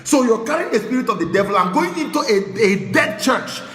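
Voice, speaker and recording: A Nigerian man preaches with fire, lurching from shouted declarations to low, hushed warnings. His voice is high and bright and leaps all over its range. The sermon rings through a large hall with long reverb. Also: expressive, fairly quick, faint music behind. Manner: fiery, swings between shouting and hushed tones.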